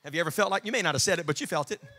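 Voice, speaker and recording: A man preaching a sermon as pastor in a church, dropping to quiet asides and rising to shouts. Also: racing. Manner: swings from low murmurs to shouted preaching.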